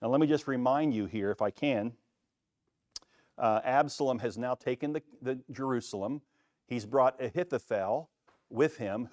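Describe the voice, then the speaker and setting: A man preaching a sermon, reading scripture and book passages aloud with rising force and slow, emphatic pauses. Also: mid-range voice, a little mellow, no echo, clean studio sound. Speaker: pastor.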